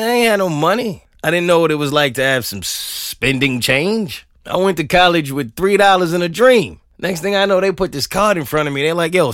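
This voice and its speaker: A man's voice: mid-range voice, a bit bright, dry recording, studio quality. A man hosting a podcast, ranting comedically, laughing often and swearing freely. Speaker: podcast host. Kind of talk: comedic rant.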